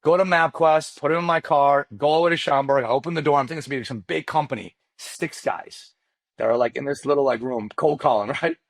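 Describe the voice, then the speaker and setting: Animated storyteller man, non-native English. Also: fast, gravelly, no echo. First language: not English. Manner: lively, acts out quoted dialogue with big pitch jumps; casual slang, addresses host directly. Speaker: podcast guest, mortgage loan officer. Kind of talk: animated storytelling in a podcast interview.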